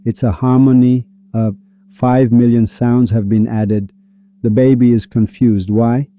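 A man's voice: medium pitch, little pitch movement, unhurried, dull audio. A man lecturing on mystical poetry who repeats phrases and acts out little dialogues. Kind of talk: animated lecture.

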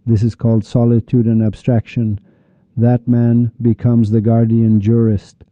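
A man's voice: mid-range voice, little pitch movement, a little slow, no room sound. Fiery, sarcastic preaching man. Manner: fiery, sarcastic, insulting, rising to outbursts. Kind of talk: heated religious monologue. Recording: dull, dry lo-fi recording.

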